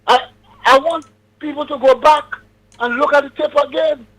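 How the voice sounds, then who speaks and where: A male caller, heard over a thin phone-like line. His voice sits very high, and he delivers his points as emphatic, preachy warnings. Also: fairly even intonation, moderate pace, fairly bright tone. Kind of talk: casual call-in chat.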